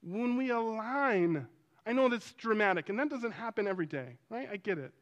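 A man, a pastor, telling a story in a sermon, animated and rising toward near shouting at its emotional peaks. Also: high voice, normal speed.

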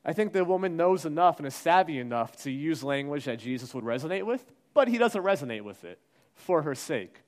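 Man preaching, swinging soft to loud. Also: a little high, animated, moderate pace. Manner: dramatic, acts out quoted voices, shifts from soft to loud. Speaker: pastor. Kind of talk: sermon.

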